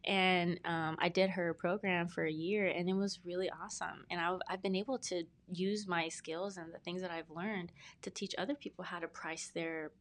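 A woman's voice: fairly low pitch, fairly even intonation, moderate pace, hardly any pauses. A woman in her thirties, a podcast guest telling her story in a talkative, rambling, earnest way. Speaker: podcast guest, brand specialist. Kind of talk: casual interview storytelling.

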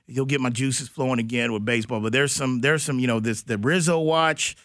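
A man hosting a sports radio show, talking in a blunt, animated, slangy way about football news. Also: medium pitch, a little fast, dry recording, studio quality. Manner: animated, blunt, slangy, does mock voices. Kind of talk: casual sports talk.

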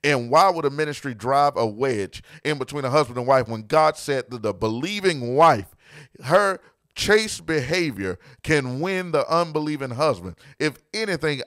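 A man who is a pastor and podcast host, talking in an emphatic preaching style, repeating phrases for stress and dropping quieter to tell a story. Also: fairly high pitch, dry recording, clean studio sound.

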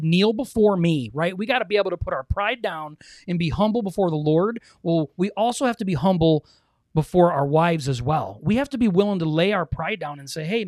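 A man's voice: high-pitched, dry recording. Man, podcast co-host, earnest and preachy, dry close sound. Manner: earnest, exhorting. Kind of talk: casual podcast talk.

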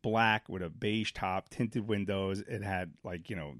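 A man from Brooklyn telling a story in casual chat, rambling and animated, full of fillers and acted-out quotes. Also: lowish voice, unhurried, dry recording, clean studio sound. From Brooklyn, New York. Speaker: podcast co-host.

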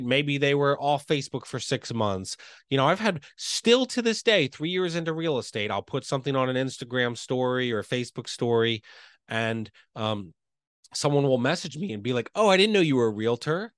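A man speaking as a podcast guest and real estate coach, talking quickly and earnestly and often checking in with "right?". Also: mid-range voice, lively intonation, a bit bright, no room sound, clean studio sound. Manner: earnest, fast, enthusiastic talker with frequent "right?" tags.

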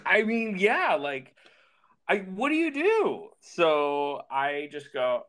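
A man on a podcast spins a personal story with a lively, swooping pitch. He talks casually, swears freely and slips into the voices of the people he describes. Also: takes it slowly. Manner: animated, swearing, acts out the dialogue.

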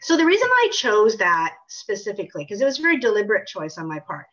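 A woman's voice: medium pitch, big pitch swings, fast, fairly bright tone. Emphatic woman on lo-fi audio. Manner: emphatic, assertive. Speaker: author and pricing consultant. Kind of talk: interview answers. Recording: dull lo-fi audio.

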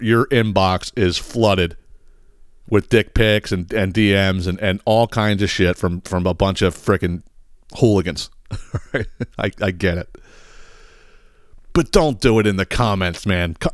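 A man's voice: on the low side, unhurried, dry recording, clean studio sound. A man hosting his own podcast, talking casually in a profane, rambling way with stammered repeats. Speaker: podcast host. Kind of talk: casual solo podcast monologue.

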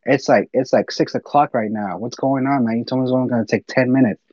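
This mid-range male voice moves fast, and the recording is lo-fi with no room sound. He's chatting casually, spinning rambling stories packed with fillers and plenty of swearing.

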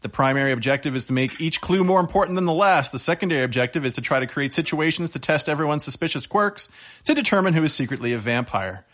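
A playful man leads a tabletop role-play session, reading the rules aloud and joking with the other players. His voice sits slightly high. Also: animated, quick pace, fairly bright tone. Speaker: game organizer.

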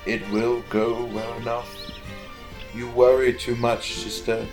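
A man's voice: medium pitch, flat delivery, takes it slowly, over music, lightly acted. Man voicing a short-tempered lanky nobleman. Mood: calm. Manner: snappish, exasperated outbursts.

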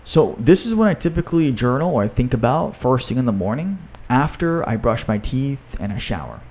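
A man who coaches fitness and runs a gym, talking in a casual podcast chat. He talks in an upbeat way, with quick runs full of fillers. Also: medium pitch, very animated, a little mellow. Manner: upbeat, talks fast with many fillers, reads aloud from his own book.

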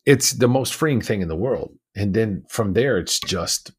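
A man's voice: fairly low pitch, lively intonation, a little slow, husky. A man on a podcast, telling his personal story in a candid, emphatic way. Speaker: podcast guest.

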